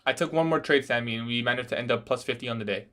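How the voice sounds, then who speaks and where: A man's voice: mid-range voice, racing, fairly bright tone. Young guy streaming his trades, chill and chatty, keeps saying bro, answers chat questions. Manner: casual, says "bro" often, laughs at odd questions. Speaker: day trader livestreaming. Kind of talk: casual livestream chat reading viewer questions.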